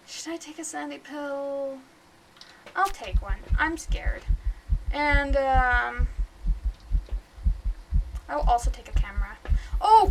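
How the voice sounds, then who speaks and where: Bright high-voiced woman streamer. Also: slight background noise. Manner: chatty, jumpy, laughs often, calls out loudly to the ghost. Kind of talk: live game commentary.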